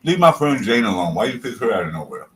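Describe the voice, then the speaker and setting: A man hosts a casual livestream in a fairly low voice. He keeps pressing his guest with teasing, needling questions. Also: sing-song, fast, a little hiss or hum, rough recording. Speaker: livestream host.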